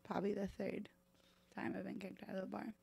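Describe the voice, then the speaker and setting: A woman in her thirties, a bartender guest on a podcast, telling stories in a lively, profane way with frequent laughter. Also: medium pitch, a little fast, creaky, breathy edge. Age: 30s. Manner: animated, profane, laughs often, acts out voices in anecdotes. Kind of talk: casual podcast storytelling. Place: podcast live stream room.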